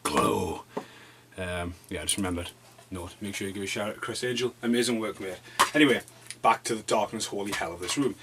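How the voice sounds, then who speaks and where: A man's voice: on the low side, fairly bright tone, a little hiss or hum. A man, reviewing movies in a casual, rambling vlog full of swearing. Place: dim room at home.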